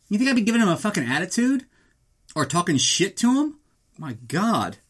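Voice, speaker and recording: A man's voice: sits high, big pitch swings, brisk, fairly bright tone. Ranting, profane man recapping a movie. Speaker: movie reviewer.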